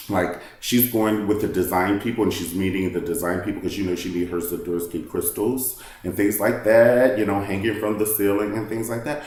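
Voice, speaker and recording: A man hosting a casual recap, retelling scenes in an animated, sassy way and mimicking the people he talks about. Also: lowish voice, heavy reverb, slight background noise. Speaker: reality TV recap host.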